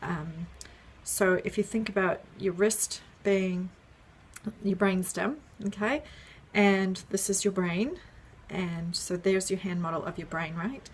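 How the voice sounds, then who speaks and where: A woman talks through an idea in a relaxed, friendly way, checking in with "right?" and filling pauses with "um". Her pitch sits in the middle for a woman. There is a faint hiss of noise under her voice. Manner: friendly, explains step by step with many ums and "right?". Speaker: parenting educator. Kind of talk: casual explainer video.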